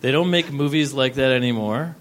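A man on a live comedy panel, answering with dry deadpan jokes. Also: mid-range voice, fairly quick.

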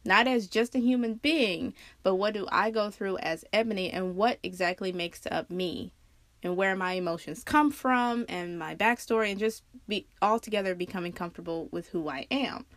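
A woman's voice: moderate pace, dry recording. Candid, swearing woman podcaster. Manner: candid, laughs often, swears freely; animated storytelling with big pitch jumps. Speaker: podcast host. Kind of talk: casual personal monologue.

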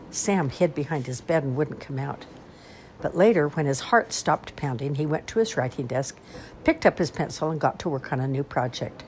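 An older woman reading a children's storybook aloud in an expressive, animated way. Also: deep voice, normal speed, slight background noise.

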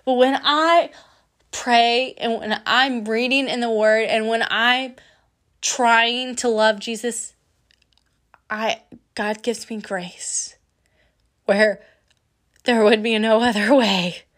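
Earnest, chatty young woman, higher voice. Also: steady tone, slow pace, long pauses, a bit bright. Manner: earnest, chatty, with bursts of laughter. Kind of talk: casual personal faith testimony.

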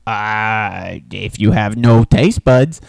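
Lady doing a slow gravelly goblin guy, blunt and mean, dry sound. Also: very deep voice, a little mellow, dry recording, pitched below the performer's own voice, heavily acted. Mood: gruff. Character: gruff male goblin, blunt and menacing. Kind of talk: tabletop role-play.

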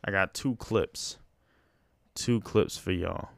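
A man's voice: sits low, takes it slowly, gravelly, no room sound. A young man hosting a casual solo podcast, talking loosely and rambling with plenty of fillers. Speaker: podcast host.

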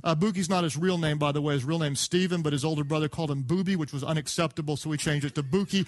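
A man preaching a sermon, an animated storyteller who acts out the voices of the people in his stories. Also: fairly high pitch, fast. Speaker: pastor. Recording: sermon clip played from archive.

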